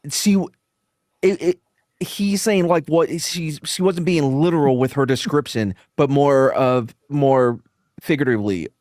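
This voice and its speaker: A man's voice: a little high, measured pace, darkish tone, dry recording, clean studio sound. Skeptical, profane podcast panelist man. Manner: skeptical, swears freely. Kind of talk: casual podcast chat.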